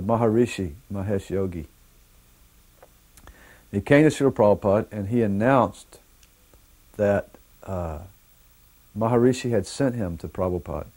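A man recalling old stories in a halting way, with frequent pauses and restarts. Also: lowish voice, a little mellow. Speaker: devotee recalling memories. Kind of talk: anecdotal storytelling.

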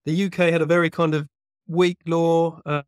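A man's voice: on the high side, flat delivery, moderate pace, clean tone, no echo, clean studio sound. A man being interviewed as a researcher, explaining at length in a thoughtful, conversational way with lots of small hedges. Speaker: guest researcher.

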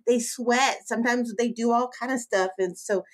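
A woman's voice: on the high side, fairly even intonation, normal speed, over a noisy crowd. A middle-aged woman hosting a podcast, talking in an emphatic, heartfelt way with many restarts. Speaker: podcast host. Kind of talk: casual podcast interview.

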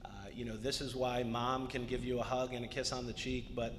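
A man's voice: medium pitch, level tone, fairly quick. Male panelist, emphatic and earnest, heard in a reverberant hall. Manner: earnest, emphatic, repeats key words. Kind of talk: panel discussion remarks. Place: arts center event space. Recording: long hall reverb, faint noise.

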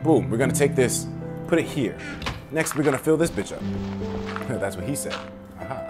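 A man casually commentating a game, rambling and swearing, sometimes bursting into loud laughter. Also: medium pitch, lively intonation, moderate pace, over music. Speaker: gaming commentator. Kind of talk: casual let's-play commentary. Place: room at home with windows open.

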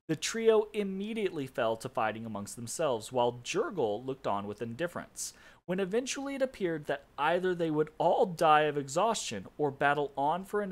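A man hosting a casual game playthrough, reading an in-game story aloud with amused asides and laughter. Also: a little high. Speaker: let's play host.

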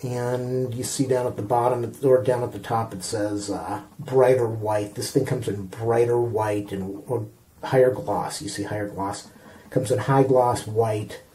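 A man with a warm, mellow voice talks his way through a fix-it job while filming himself. He rambles, backtracks and chuckles at his own words. The camcorder picks him up with plenty of bathroom echo. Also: medium pitch, steady tone, unhurried, slight background noise. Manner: rambling, self-amused, talking while working with hands. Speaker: home repair vlogger. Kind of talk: casual how-to demonstration. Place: indoor bathroom. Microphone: handheld camcorder mic, self-filming.

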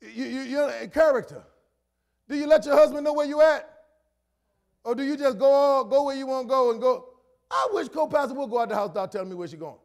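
Middle-aged male pastor with a very high voice, conversational sermon that repeats lines and rises to shouts. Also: brisk. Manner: preaches conversationally, repeating phrases for emphasis; builds to shouted emphasis.

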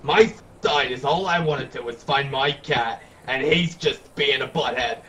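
A man voicing an eccentric, excitable woman who rambles about her lost cat in a game role-play. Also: mid-range voice, measured pace, distant mic, slight background noise, natural voice. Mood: indignant. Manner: rambling, excitable, easily offended.

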